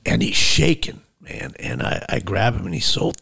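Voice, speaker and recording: A man's voice: lowish voice, sing-song, normal speed, gravelly, pushed and bright, husky, no room sound, studio quality. A man, a podcast guest, telling his own story casually and acting out the dialogue as he goes.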